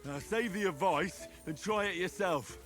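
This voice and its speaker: A man's voice: high-pitched, moderate pace, a bit bright, soft background music. An actor playing a wry young commoner swordsman in a video game, with dry replies.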